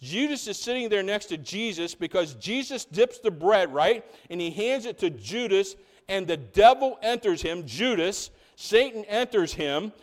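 A man preaching a sermon as pastor, animated and conversational, often asking the congregation questions. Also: high voice, a little slow.

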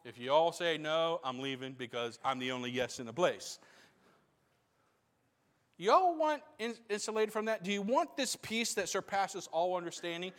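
A man's voice: fairly high pitch, fairly quick, few pauses, fairly bright tone. A man preaching a sermon as pastor, repeating phrases for emphasis and building in intensity. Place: church sanctuary. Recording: long hall reverb.

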